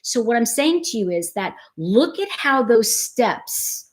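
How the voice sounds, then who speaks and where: A woman talks in a casual, explanatory way, with a fairly high voice that swoops up and down. She keeps the talk animated by acting out everyday scenarios as she explains them. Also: a little slow. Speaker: host.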